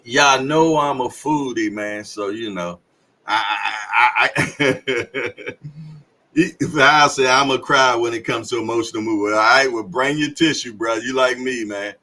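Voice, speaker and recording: This is a man hosting a relaxed livestream chat. His voice comes across bright and forceful, and he rambles through stories with plenty of laughter and casual slang. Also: mid-range voice, rough recording. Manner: laughs often, drawn-out storytelling with slang fillers. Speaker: podcast host.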